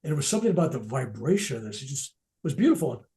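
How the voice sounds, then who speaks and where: A man's voice: medium pitch, sing-song, fast talker, mellow. An older man, a reverend, giving an earnest, reflective talk as he tells a personal spiritual story to an audience. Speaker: reverend and speaker at a veterans event.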